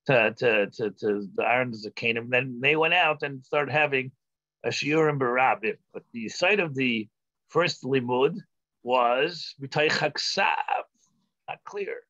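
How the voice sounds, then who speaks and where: A man, a rabbi, teaching a text-study class, thinking aloud with halting restarts and filler sounds. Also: medium pitch, pushed and bright, no room sound, lo-fi sound.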